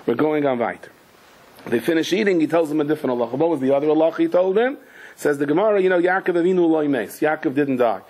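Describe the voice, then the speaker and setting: Brief: male rabbi, fairly high voice, animated storytelling sermon, acts out characters with sudden shouts. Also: quick pace. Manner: mixes Hebrew and Yiddish terms into English. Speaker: rabbi giving a Torah class.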